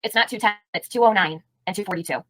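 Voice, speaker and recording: A woman's voice: medium pitch, fast talker, sharp tone, breathy edge, no echo, rough recording. A woman hosting a live stream, giving heated, indignant commentary and firing rhetorical questions at her chat. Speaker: livestream host.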